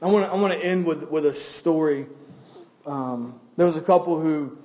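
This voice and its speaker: Earnest male pastor, high-pitched, preaching at a church service. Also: normal speed, darkish tone. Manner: earnest, repeats words when starting phrases. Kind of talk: sermon.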